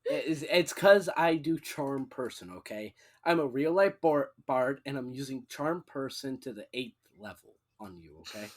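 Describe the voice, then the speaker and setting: A man co-hosting a casual podcast in an average-pitched voice. He talks in a laid-back, playful manner, dropping jokes as he goes. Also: animated, measured pace, few pauses. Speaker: podcast co-host. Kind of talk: casual chat.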